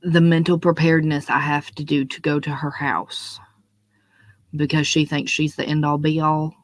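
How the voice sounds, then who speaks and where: A young adult launches into an unscripted rant, blunt and full of swearing, repeating words to drive each point home. The voice sits at a middle pitch and sounds close and dry, with no room around it. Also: little pitch movement, normal speed, no room sound. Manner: blunt, profane, emphatic, repeats words when stressing a point. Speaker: monologue speaker. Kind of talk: unscripted ranting monologue.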